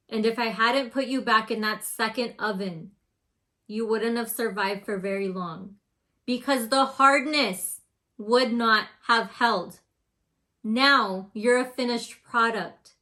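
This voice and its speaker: A woman playing a calm, patient male potter in a storybook tale, speaking firmly and gently. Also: a little high.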